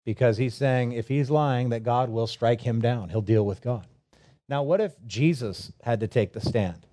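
A middle-aged man delivers a relaxed, conversational sermon in a mellow, warm voice. He reads scripture aloud, slips in light jokes, and acts out short imagined prayers. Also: medium pitch, moderate pace. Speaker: pastor.

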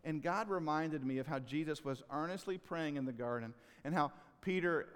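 A male pastor delivers a sermon in a slightly high voice. He is earnest, rising loud on key phrases and dropping low in between. His voice rings with the long reverb of a big hall. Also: moderate pace, smooth.

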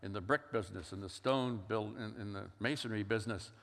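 A man's voice: on the low side, brisk, fairly bright tone. An older man preaching a sermon as a pastor, telling stories in a conversational way and acting out the quoted lines. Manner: storytelling, conversational with acted-out quotes. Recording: long hall reverb.

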